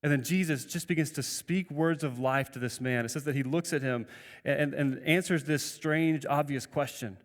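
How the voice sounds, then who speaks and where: A man's voice: on the high side, normal speed. Earnest man preaching in a reverberant hall. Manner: earnest preaching with frequent restarts and rhetorical "right?". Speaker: pastor. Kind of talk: sermon.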